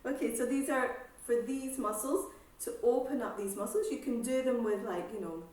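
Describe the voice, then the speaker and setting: A woman exercise instructor calmly guiding a seated breathing class, with slow breath cues and counting. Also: on the high side. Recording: echoey room, voice from far off.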